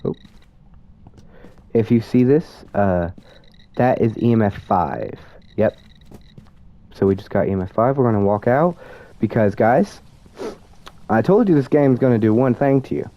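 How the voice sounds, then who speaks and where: A man's voice: medium pitch, lively intonation, measured pace, long pauses. A young man giving casual commentary on a horror game, nervous and self-mocking as he talks to his viewers. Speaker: student gamer. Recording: dull lo-fi sound.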